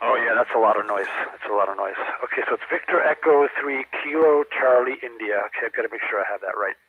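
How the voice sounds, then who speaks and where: A man's voice: medium pitch, fast talker. An older retired man checking in on an amateur radio net, friendly and talkative, with stumbling fillers. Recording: tinny dry radio line.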